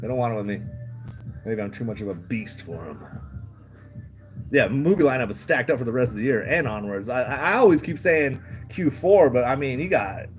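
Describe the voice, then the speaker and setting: A man's voice: mid-range voice, lively intonation, fairly quick, faint music behind. A man hosting a casual livestream, rambling, chuckling often and swearing freely. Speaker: livestream host.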